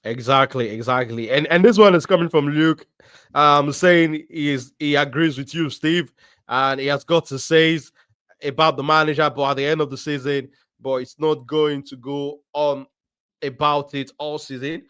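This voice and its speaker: A man's voice: fairly high pitch, steady tone, a bit bright, clean tone, no echo. Dry-sounding man reading viewer comments. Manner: measured, with frequent ums and repeats. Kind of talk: live stream chat.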